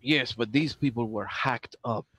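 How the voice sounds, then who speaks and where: A man's voice: medium pitch, measured pace, fairly bright tone. A man playing a tabletop game, questioning in character with persistent, stammering questions. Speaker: player.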